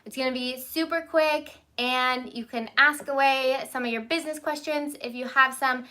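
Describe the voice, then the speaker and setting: Bright-voiced chatty woman baker. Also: high voice, fairly even intonation, normal speed. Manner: chatty, greets viewers by name and breaks off to tell her children what to do. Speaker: home baker hosting a live baking stream. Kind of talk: casual live-stream chat. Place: small home kitchen. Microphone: phone.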